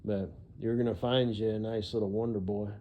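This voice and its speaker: A man's voice: fairly low pitch, little pitch movement, fairly quick, dull audio. A man vlogging in a casual, rambling monologue, profane and full of "you know" fillers.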